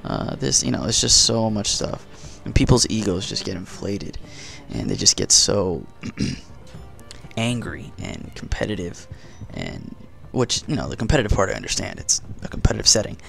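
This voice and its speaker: Gravelly low-voiced man with morning voice. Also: big pitch swings, normal speed, fairly bright tone, faint music behind. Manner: rambling, chatty, self-joking. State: just-woken morning voice. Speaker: gaming commentator. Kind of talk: casual gameplay commentary.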